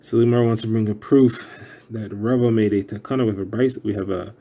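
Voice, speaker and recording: A man with a low, warm voice teaches a Talmud page. He explains in a steady, even way and moves through Hebrew and Aramaic terms one by one. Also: quick pace.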